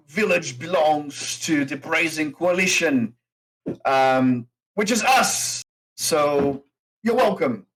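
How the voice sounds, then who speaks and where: A man putting on a burly orc pirate dealer, proud and boastful, pitched up a little from a normal voice. He drags his words out slowly, full of hesitant fillers. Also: a bit bright, full character voice, low-quality recording.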